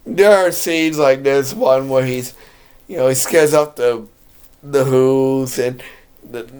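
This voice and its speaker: Enthusiastic man, slow, clear voice. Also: medium pitch. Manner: enthusiastic, rambling, laughs often. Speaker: video blogger reviewing a movie. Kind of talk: casual movie discussion.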